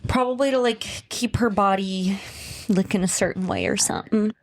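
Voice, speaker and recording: A young adult woman co-hosting a podcast, chatting casually and telling stories with animated enthusiasm. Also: medium pitch, moderate pace. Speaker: podcast co-host. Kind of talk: casual chat.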